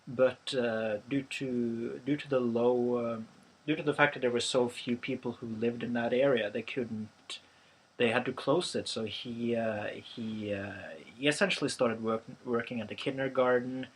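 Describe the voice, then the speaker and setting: A Norwegian man hosting a podcast, reviewing a film in casual chat, halting with many fillers and restarts. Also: mid-range voice, fairly even intonation, slight background noise. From Norway. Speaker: podcast host.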